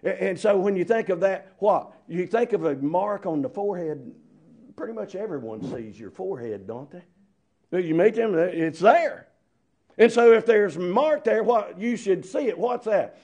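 A man preaching a sermon with a somewhat high voice. He talks with emphasis and keeps firing rhetorical questions at the young people. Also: darkish tone.

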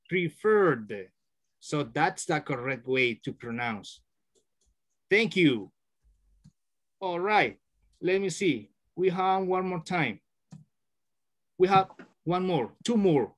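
A teacher leads a class over a video call, patient and methodical, echoing each word back to stress it. The pitch swings widely, rising and falling with every prompt, and sits in a middle register. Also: animated, takes it slowly, pauses often. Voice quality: patient, repeats words to correct and stress them. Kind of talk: online class instruction.

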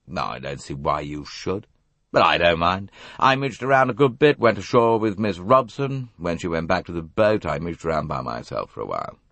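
A man as a gruff, defiant young man. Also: sits low, expressive, moderate pace, a bit bright, dry recording, heavily acted. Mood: casual. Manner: blunt and gruff.

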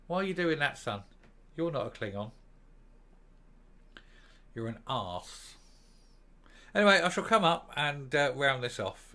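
A man's voice: medium pitch, bright, forceful tone. Sarcastic man ranting. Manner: scornful, sarcastic, insulting. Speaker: commentary vlogger. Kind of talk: opinionated commentary monologue.

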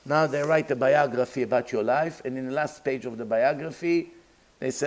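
A man's voice: medium pitch, moderate pace, low-quality recording. A man, a rabbi giving a Torah lecture, emphatic and full of rhetorical questions, acting out imagined dialogues.

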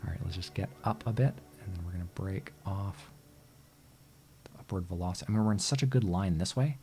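Male gaming host, low-ish voice, casual let's-play commentary, exasperated and foul-mouthed, talks back at the game. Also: brisk, a little mellow, faint music behind.

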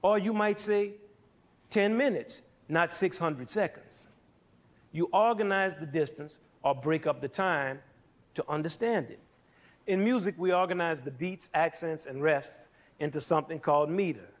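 A man's voice: fairly high pitch, measured pace. A middle-aged man presenting a music lesson for young people, asking questions and answering them himself, with counting and sound demonstrations. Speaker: music educator hosting a TV series.

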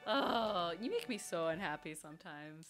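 Excitable woman making silly game noises. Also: fairly low pitch, moderate pace, faint music behind. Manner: excitable, squeals and makes silly beep sound effects. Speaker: gameplay co-host. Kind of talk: casual let's play banter.

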